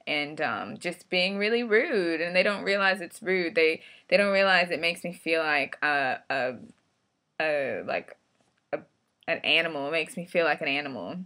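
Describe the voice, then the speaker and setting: Low-voiced, forceful woman ranting frankly. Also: expressive, moderate pace. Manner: blunt, profane, frustrated storytelling. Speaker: vlogger. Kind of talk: casual storytelling rant.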